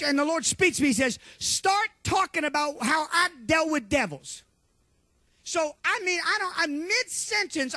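A man preaching a sermon, telling a story in an animated way and often shouting. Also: extremely high pitch, no echo.

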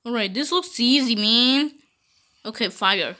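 A woman's voice: mid-range voice, fairly bright tone. A woman playing through a mobile game while voicing bickering cartoon characters, often giggling. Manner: giggly, bickering, slow-spoken. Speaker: game video maker voicing her characters. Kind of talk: playful role-play over gameplay.

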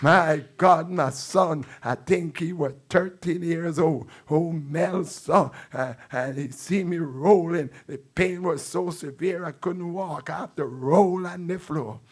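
A man's voice: high voice, vocal fry, breathy edge. An older man preacher giving a fervent testimony sermon in a church, with repeated exclamations. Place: church sanctuary.

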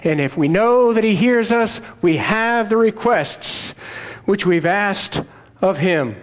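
A man's voice: high voice, animated, slow pace. A man preaching a sermon, retelling Bible stories in a conversational, storytelling way. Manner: storytelling, conversational, retells scripture in quoted voices. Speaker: pastor.

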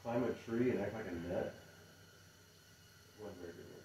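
A man's voice: lowish voice, moderate pace, dark tone, heavy reverb, far from the mic, a little hiss or hum, low-quality recording. A man trading dad jokes over drinks in casual, teasing banter, often laughing. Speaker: joke-telling drinking game player.

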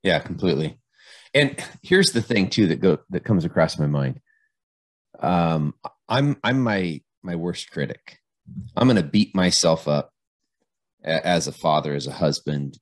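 A middle-aged man speaks as a podcast guest in an earnest, conversational way, often restarting his phrases. His voice sits very low and deep. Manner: earnest, repeats words when starting phrases. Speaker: podcast guest, police officer.

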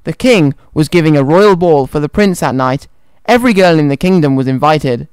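A man's voice: a little high, animated, normal speed, darkish tone, clear, resonant tone, dry recording. A man presenting a children's radio show and reading a story aloud in a cheerful, friendly way, in a studio. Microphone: studio microphone.

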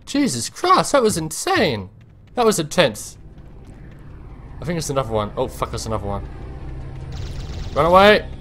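Over slight background noise, a man with a medium-pitched voice talks through a game at normal speed, pausing often. He addresses both himself and his viewers in this let's-play. When something catches him off guard, he yelps and swears excitedly.

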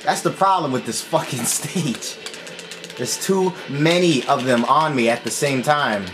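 Gamer man, casual let's-play talk, cursing in constant frustration, loud game music underneath. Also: medium pitch, a little slow. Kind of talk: casual gameplay commentary.

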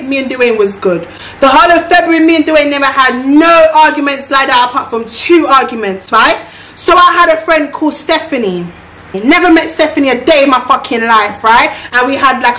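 A woman's voice: sits high, pushed and bright. A woman vlogger telling a storytime monologue in a blunt, repetitive way, swearing freely. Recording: roomy echo.

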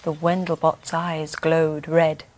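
A woman reading a bedtime story aloud in a gentle, expressive way. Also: low-pitched, takes it slowly.

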